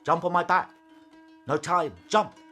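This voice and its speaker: A man's voice: extremely high pitch, a little slow, a bit bright, soft background music, voice pushed up, heavily acted. A man voicing a magical flying cat that urgently barks out commands.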